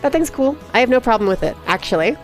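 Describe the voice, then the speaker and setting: A woman's voice: fairly high pitch, expressive, fast, soft background music. A woman live streaming who chats casually and reads chat aloud, giggly and playful with frequent laughter.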